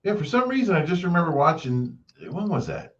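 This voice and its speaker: A man's voice: high-pitched, fast. A man co-hosting a casual sports talk show, joking around and telling stories about his college days. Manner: joking, bursts into excited shouts. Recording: muffled audio with faint noise.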